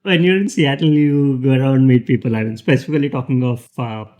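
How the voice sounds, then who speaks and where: A man's voice: medium pitch, fairly quick, darkish tone. A man, a podcast guest chatting casually, hesitant and laughing often. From India. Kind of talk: casual chat.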